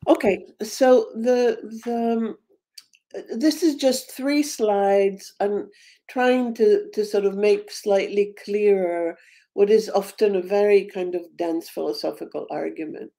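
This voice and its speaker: A woman giving an academic talk on a video call, thoughtful and halting, with frequent ums and restarts. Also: mid-range voice, mellow. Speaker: panel speaker.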